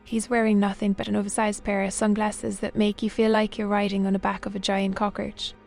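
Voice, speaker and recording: A text-to-speech woman's voice reading story narration in an even, mechanical way. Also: mid-range voice, a little fast, gravelly, faint music behind. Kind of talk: synthetic read-aloud narration.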